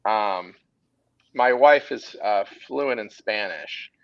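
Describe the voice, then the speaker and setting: A man's voice: fairly low pitch, slow pace, no echo, highs cut off. A man in his forties with a Southern Texas accent, an artist chatting casually and telling stories with lots of restarts. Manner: animated, rambling storyteller with frequent restarts. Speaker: artist and creative director. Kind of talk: casual chat on a livestream.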